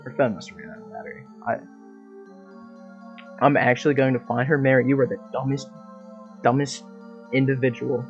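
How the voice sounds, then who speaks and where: A man reading a story game aloud with expressive, swearing asides, over a dull lo-fi recording with faint game music. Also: medium pitch, brisk, long pauses.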